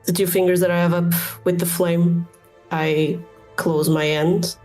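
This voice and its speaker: Earnest young fire mage, low mellow voice, woman playing him. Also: little pitch movement, a little slow, faint music behind, lightly acted.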